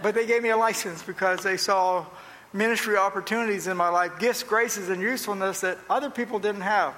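A male pastor from Pennsylvania preaching a sermon, telling folksy stories, booming on emphasis and dropping to quiet asides. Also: steady tone, brisk, long reverb tail, rough recording.

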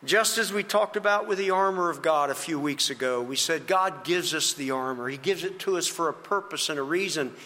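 With the long reverb of a church hall around him, a male pastor preaches earnestly and encouragingly in slow, emphatic phrases. His voice is a little high, bright, and forceful.

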